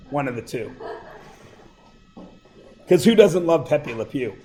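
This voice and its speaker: A man's voice: a little high, big pitch swings, unhurried, long pauses, warm tone, low-quality recording. A middle-aged man teaching math to a class, with a sore throat, asking the students question after question. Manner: questioning, prompts students for answers. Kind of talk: classroom lecture.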